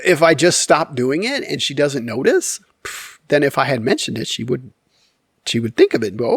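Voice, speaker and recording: A man's voice: a little high, very animated, moderate pace, gravelly, fairly bright tone, no room sound, clean studio sound. Rambling, wry man telling a story. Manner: rambling and candid, with many fillers and self-corrections; wry, self-deprecating humor. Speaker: YouTube storyteller. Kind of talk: casual storytelling monologue.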